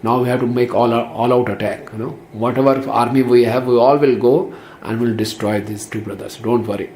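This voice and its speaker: A man's voice: medium pitch, fairly even intonation, darkish tone, a little hiss or hum, natural voice. A man voicing an angry, protective male demon lord who fires off agitated questions. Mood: reassuring. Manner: agitated rapid questions, rising voice. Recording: roomy echo.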